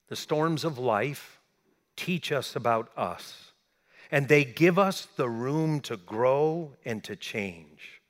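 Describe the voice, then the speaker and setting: A middle-aged man preaching a sermon as a pastor, telling stories and swinging between loud emphasis and quiet asides. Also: medium pitch, big-room sound.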